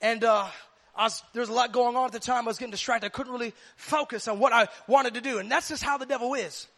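A man preaching a fervent sermon in a very high voice with a gravelly edge. His tone is bright and cutting, and he leans on repetitive, driving phrases. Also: steady tone, fast talker.

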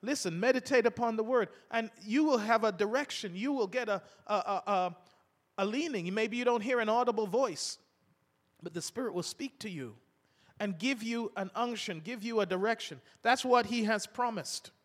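A man's voice: high-pitched, normal speed, big-room sound. An older man preaching a sermon, reading scripture aloud between homely stories.

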